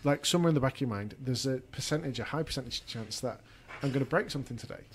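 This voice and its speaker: A man's voice: medium pitch, very fast, slight background noise. A man, a podcast producer asking questions in a rambling, self-deprecating way full of fillers. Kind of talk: casual interview chat.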